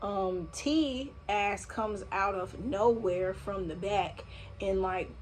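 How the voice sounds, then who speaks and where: A young woman telling a personal story in a casual storytime vlog, animated and slangy, swearing freely, recorded at home on a phone or camera mic. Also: mid-range voice, slow, a little hiss or hum. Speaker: vlogger. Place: home room, vacuum running nearby.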